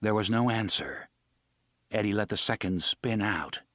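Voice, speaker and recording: A man's voice: on the low side, a little slow, fairly bright tone, no echo, clean studio sound. A man narrating an audiobook expressively, giving each character a voice of his own.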